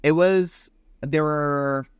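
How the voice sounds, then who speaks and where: A man co-hosting a casual podcast chat, animated and mocking as he rants. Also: on the high side, very slow, smooth, no room sound, studio quality. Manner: animated, mocking movie lines in exaggerated readings. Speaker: podcast co-host.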